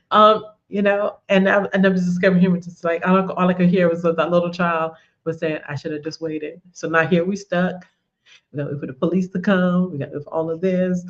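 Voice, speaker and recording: A woman's voice: on the low side, flat delivery, a little fast. A woman hosting and giving a conversational faith teaching, telling personal stories and acting out her own inner dialogue. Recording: dull lo-fi sound.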